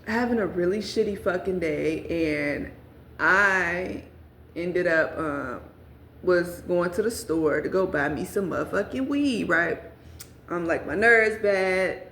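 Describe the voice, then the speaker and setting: A woman's voice: fairly low pitch, a little hiss or hum. Roomy, profane woman telling a storytime. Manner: profane, animated, talks straight to viewers. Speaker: storyteller vlogger. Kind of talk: casual storytime vlog. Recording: roomy echo.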